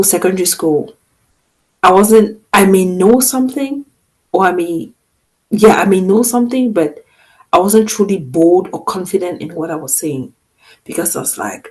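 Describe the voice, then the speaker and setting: A woman co-hosting a podcast in casual chat, talking firmly and emphatically with lively swings in loudness. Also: medium pitch, slow, pauses often, poor audio. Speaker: podcast co-host.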